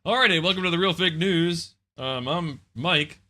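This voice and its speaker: Bright-voiced tipsy mock news anchor man. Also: fairly high pitch, moderate pace. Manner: deadpan satirical anchor patter. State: slightly tipsy. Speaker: co-host of a comedy news parody. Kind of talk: mock newscaster delivery.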